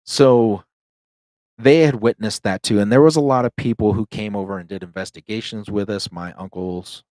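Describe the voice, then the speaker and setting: With a fairly low, slightly mellow voice at normal speed and no echo, a paranormal podcast host tells a ghost story as casual storytelling. He rambles loosely, filling his speech with plenty of "like" and "um."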